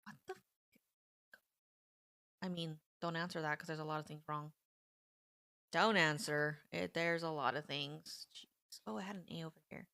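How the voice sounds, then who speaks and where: A woman in her thirties hosting a casual live stream, talking in an animated, indignant way and saying "like" often. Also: sits low, normal speed, long pauses, no room sound, clean studio sound. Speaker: livestream host.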